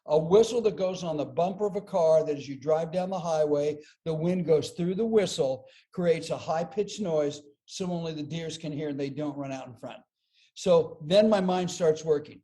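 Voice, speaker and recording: A man's voice: on the high side, moderate pace. A man who is a comedian, talking on a podcast interview and telling stories with lots of energy, often repeating words as he builds up a joke. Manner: animated storyteller, repeats words as he builds jokes. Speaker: comedian guest.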